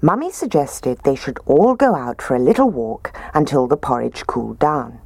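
A woman reading a children's story aloud in a gentle, expressive way. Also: very deep voice, moderate pace, creaky, dry recording.

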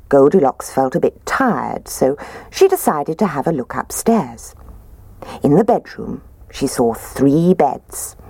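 A woman reading a children's storybook aloud in a gentle, expressive way. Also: deep voice, creaky, husky, no room sound.

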